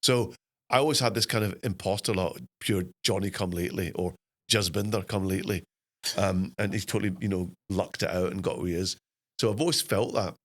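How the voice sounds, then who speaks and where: A middle-aged Scottish man, an actor guest, telling anecdotes in a self-deprecating, animated way. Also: low-pitched, brisk. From Scotland. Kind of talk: anecdotal storytelling.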